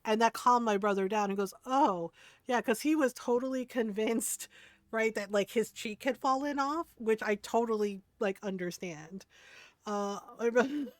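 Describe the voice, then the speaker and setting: A woman's voice: fairly high pitch, moderate pace, no room sound. A woman streamer casually telling a story to her live chat, rambling and often laughing, checking in with "right?" after many lines. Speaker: game streamer.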